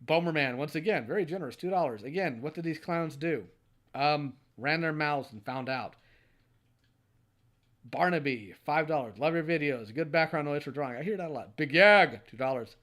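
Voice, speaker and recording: A man's voice: on the high side, normal speed. A young adult man hosting a livestream, reading donation messages aloud and answering each with a short, dry quip. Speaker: streamer host.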